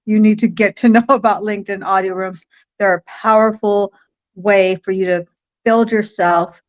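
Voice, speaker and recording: A woman hosting a live online talk show, bubbly and quick to laugh as she introduces her guest. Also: medium pitch, highs cut off. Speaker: host. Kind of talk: enthusiastic livestream chat.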